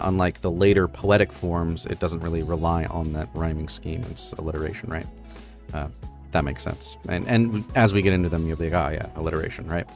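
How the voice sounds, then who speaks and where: A deep-voiced, middle-aged man hosts a casual livestream, chatting through explanations with many fillers and quick check-ins with listeners.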